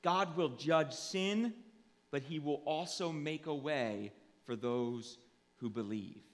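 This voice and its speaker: A man preaching a sermon as pastor, earnest and deliberate, swelling to emphatic peaks and then sinking low and quiet. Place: church sanctuary. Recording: long church reverb.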